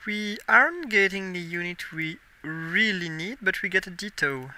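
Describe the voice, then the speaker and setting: Bright-voiced French-accented young streamer. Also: male voice, high-pitched, expressive, normal speed. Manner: musing aloud while playing, self-correcting. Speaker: game streamer. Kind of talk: casual live-stream commentary.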